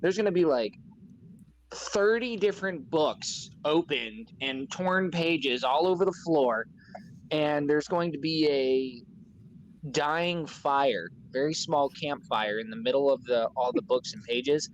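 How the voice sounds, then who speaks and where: A man's voice: on the high side, slow pace, lo-fi sound, slight background noise. A man narrating as game master in a tabletop game, talking casually and rambling with lots of fillers.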